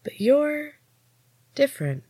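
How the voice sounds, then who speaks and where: A woman voicing a stern young female warrior healer who speaks in a cold, clipped, commanding way, set noticeably higher than her own reading voice. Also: sing-song, moderate pace, no echo. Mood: grudging.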